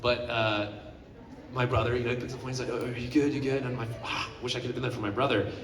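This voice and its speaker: A man's voice: mid-range voice, steady tone, racing, background noise. A man in his thirties, a voice actor on a convention panel, telling a heartfelt story with lots of fillers. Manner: earnest, emotional storytelling with many fillers. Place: large convention hall. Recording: echoey hall, recorded from far off.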